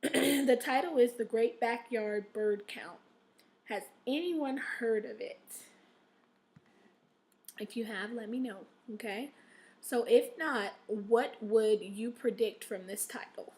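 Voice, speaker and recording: A woman teacher talks her students through a recorded reading lesson. Her voice sits a little high, and she keeps checking in with a friendly "okay?" after each instruction. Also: slow pace, a little mellow. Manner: encouraging, checks in with frequent "okay?". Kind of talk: recorded classroom video lesson.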